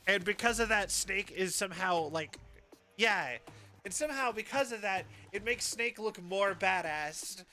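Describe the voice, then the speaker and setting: A man streams a video game, chatting and joking casually with lots of filler words as he gives laid-back gaming commentary. His voice sits high, a bit slow, with a sharp tone, and game music plays in the background.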